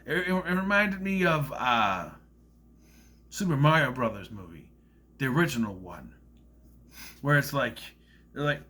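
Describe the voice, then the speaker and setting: A man's voice: mid-range voice, big pitch swings, measured pace, pauses often, pushed and bright. A man giving a casual, rambling movie review, often slipping into silly voices to act out lines. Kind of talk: casual film review monologue.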